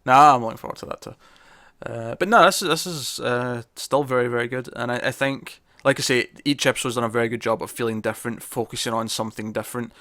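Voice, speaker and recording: Man, podcast co-host, bright tense voice, dry close mic, rambling casual chat full of fillers. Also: medium pitch, quick pace, dry recording. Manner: rambling, with many fillers and restarts. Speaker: podcast co-host reviewing a TV episode.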